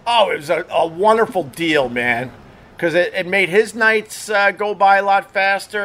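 A middle-aged man with a somewhat high voice spins casual stories like the old radio DJ he was. He rambles, swears freely and trips over fillers and restarts as he goes. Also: fairly bright tone. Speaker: former radio DJ telling stories. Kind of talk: casual storytelling monologue.

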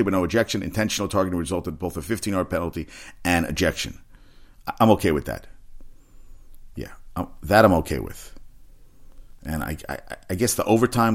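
A man with a slightly low voice rambles excitably through a casual sports chat, swearing freely as he goes. He talks like a personal trainer recapping his day and the games he watched. His delivery is loose and unscripted. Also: fast talker.

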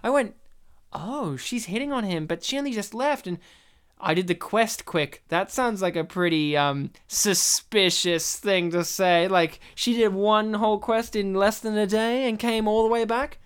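A woman's voice: medium pitch, a little slow, clear, resonant tone. A woman hosting a casual movie-review chat, laughing often and telling stories with animation. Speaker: podcast host reviewing a movie.

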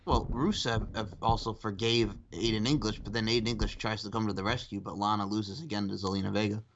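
A man co-hosting a casual wrestling podcast, talking in an animated way and laughing often. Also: fast, dull audio, slight background noise. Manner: animated, laughs often, acts out quotes in a high voice. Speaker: podcast co-host.

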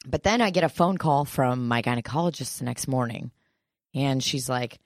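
A young woman from the St. Louis area, appearing as a guest storyteller, delivers a crude, comic personal story full of profanity, laughing often as she animatedly retells it. She has a bass voice and a moderate pace. The recording is dry, with clean studio sound.

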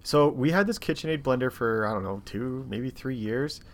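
A man co-hosting a podcast, telling a story in casual, animated, exasperated bursts full of swearing. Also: mid-range voice, normal speed. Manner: animated, profane, exasperated retelling. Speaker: podcast co-host. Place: seated in a podcast studio chair.

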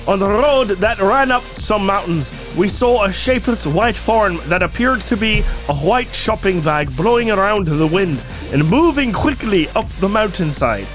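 A man putting on an Irish accent to read a witness account aloud in slow, careful storytelling. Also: high voice, a bit bright, voice pushed up, full character voice. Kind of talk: reading a listener story aloud in a put-on accent.

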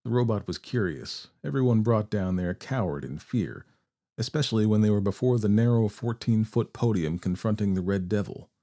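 Deep voiced guy reading a story aloud, warm and steady. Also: moderate pace. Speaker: narrator. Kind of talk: storybook narration.

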